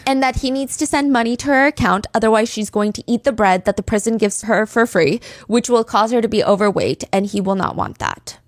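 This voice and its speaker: A woman's voice: on the high side, fairly quick, few pauses, no echo. A woman hosting a podcast, telling a true-crime story with blunt, sarcastic commentary into a close mic. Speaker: podcast host.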